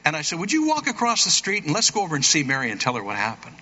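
A man preaching a sermon, telling a story and acting out the voices of the people in it with big jumps in pitch. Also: wildly swooping pitch, very fast, few pauses, bright, forceful tone, husky. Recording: roomy hall, dull lo-fi sound.

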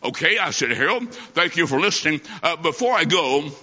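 A man's voice: fairly high pitch, very animated, bright, forceful tone. Folksy preacher man in an echoey hall. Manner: folksy, emphatic, speeds up and slows for stress. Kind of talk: evangelistic sermon with storytelling. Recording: dull echoey hall recording.

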